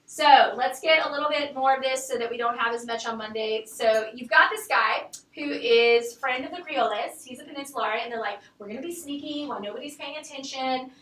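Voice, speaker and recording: Bright-voiced woman teaching in an echoey classroom. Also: fairly high pitch, brisk, few pauses, recorded from a distance. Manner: chatty, jokes and laughs with students. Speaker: history teacher. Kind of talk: classroom lecture with questions.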